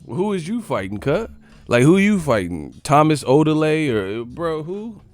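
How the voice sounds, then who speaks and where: A man's voice: fairly high pitch, very animated, measured pace, no echo. Slangy man riffing to his live chat. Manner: slangy, rambling, talks straight to chat; laughs often. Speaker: boxing channel host. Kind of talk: casual live-stream commentary.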